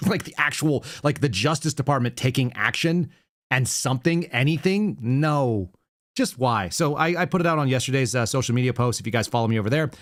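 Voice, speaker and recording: Fast-talking sarcastic male political host. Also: mid-range voice. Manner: sarcastic, animated storyteller. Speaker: podcast host. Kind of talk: political commentary.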